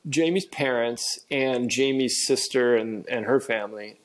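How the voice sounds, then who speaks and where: A man from Washington state, a guest on a podcast, talking in an earnest, reflective way and often pausing to find his words over a remote recording setup. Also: medium pitch. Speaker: podcast guest, father of an autistic son. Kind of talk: conversational interview.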